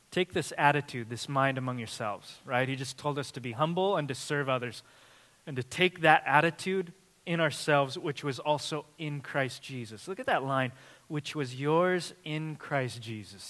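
A male pastor preaching a sermon with animated delivery, rising to loud emphasis and dropping to quiet, close passages. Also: mid-range voice. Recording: long hall reverb.

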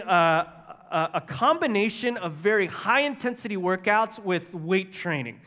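A man's voice: sits high, bright, forceful tone. A man preaching a sermon as a humorous, self-deprecating story. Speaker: pastor.

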